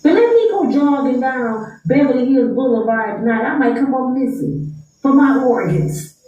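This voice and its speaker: A woman's voice: high-pitched, lively intonation, normal speed, mellow, lo-fi sound, soft background music. A woman giving a brash, slangy, heated rant on a livestream. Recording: echoey room, far from mic.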